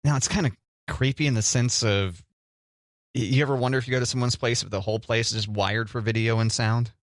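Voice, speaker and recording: A man's voice: mid-range voice, fairly even intonation, fast, no room sound, studio quality. A middle-aged man co-hosting a radio show, chatting casually and joking with a teasing manner. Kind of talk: casual banter.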